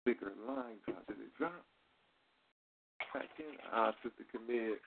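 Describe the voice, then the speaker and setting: A man hosting a call-in show, animated, laughing and greeting callers by name. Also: mid-range voice, a little slow, gravelly, background noise. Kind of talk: casual call-in chat. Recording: phone-like lo-fi call audio.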